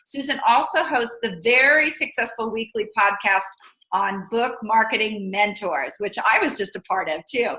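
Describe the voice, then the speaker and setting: A woman's voice: medium pitch, moderate pace, pushed and bright, roomy sound, poor audio. An American woman hosting a vlog interview, talking in an effusive, enthusiastic way. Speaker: vlog host. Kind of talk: conversational interview.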